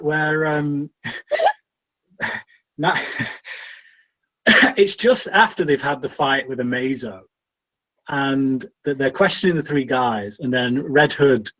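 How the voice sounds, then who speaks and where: A man on a film podcast, speaking in a slightly high voice and stumbling over his words, full of ums and restarts. His talk stays casual and easy-going. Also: a bit bright, rough recording. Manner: hesitant, many ums and restarts. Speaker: podcast host.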